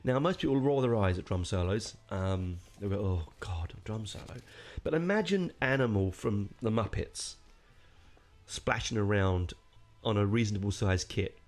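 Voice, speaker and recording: A man's voice: fairly low pitch, animated, normal speed. A man hosting a podcast, reviewing a metal album in a casual, rambling way, enthusiastic, with plenty of fillers and casual swearing.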